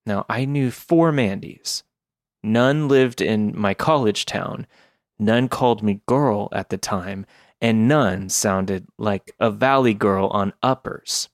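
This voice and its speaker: A man narrating a scripted first-person horror story in a measured, deliberate way. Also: lowish voice, dry recording, studio quality.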